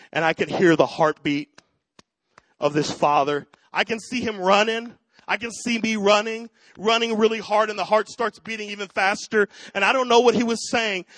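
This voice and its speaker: High-voiced man preaching a sermon. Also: no echo, low-quality recording. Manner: personal storytelling that swells into loud preaching. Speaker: pastor.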